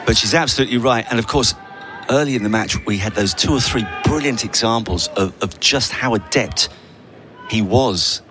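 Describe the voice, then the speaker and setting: A man's voice: mid-range voice, moderate pace, bright, forceful tone, faint music behind. A man with a headset giving tennis analysis, chatty and given to dry jokes. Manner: chatty, dry joking asides. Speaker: tennis co-commentator. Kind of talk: live sports commentary. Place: commentary box at a tennis stadium. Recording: noisy outdoor venue background.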